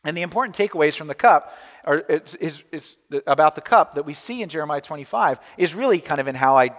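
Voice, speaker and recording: Man, pastor, sermon, slightly high pitch, reverberant church hall. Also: expressive, fast talker. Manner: reads scripture, then talks casually with restarts and asides.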